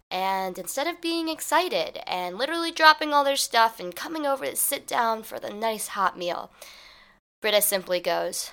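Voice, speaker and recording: Woman podcast host, solo advice talk, casual and animated, slips into quoted voices. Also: medium pitch, normal speed, clear, resonant tone. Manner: animated storytelling, acts out little scenes in quoted voices; casual, conversational, with "like" and "kinda".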